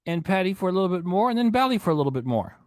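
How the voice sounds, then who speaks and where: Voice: mid-range voice, very animated, very fast, darkish tone, no echo. Chatty livestream host with a dry sound. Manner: chatty, thanking viewers by name. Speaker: livestream host reading viewer comments. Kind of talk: casual livestream chat.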